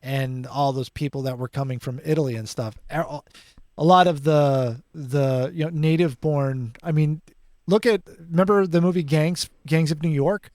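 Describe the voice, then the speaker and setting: A man co-hosting a podcast, talking in halting bits with many restarts. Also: a little high, fairly even intonation, darkish tone, no echo, clean studio sound. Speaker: podcast co-host. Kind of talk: casual podcast chat.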